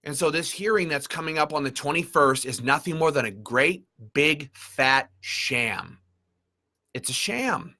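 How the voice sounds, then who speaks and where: A man's voice: fairly high pitch, animated, unhurried, sharp tone. A man leading an advocacy group, giving impassioned commentary in an emphatic, sarcastic way. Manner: emphatic and sarcastic, with repeated phrases. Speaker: gun rights group leader.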